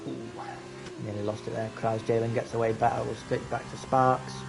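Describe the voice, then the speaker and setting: A man giving casual live commentary on a sim racing event, chatty and excitable at close battles. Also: medium pitch, moderate pace, gravelly, background noise. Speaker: race commentator.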